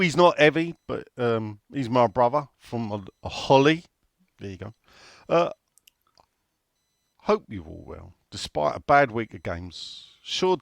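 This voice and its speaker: A man's voice: mid-range voice, gravelly, a bit bright, no echo, studio quality. A man hosting a casual football chat, reading out listener questions in a blunt, sweary way.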